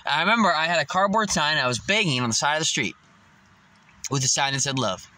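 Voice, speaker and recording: A young man casually telling a personal story, swearing constantly and getting loud and emphatic as he goes. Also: a little high, quick pace. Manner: swears constantly, animated, gets loud and emphatic when recounting confrontations.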